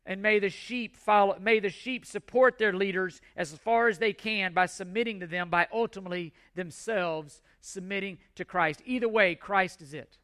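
Male pastor, bright high voice, emphatic repetitive sermon delivery. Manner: emphatic, repetitive preaching with measured pauses.

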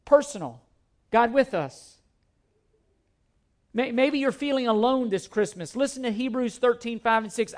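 High-voiced man preaching a sermon. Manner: repetitive, emphatic preaching with scripture quotes. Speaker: pastor.

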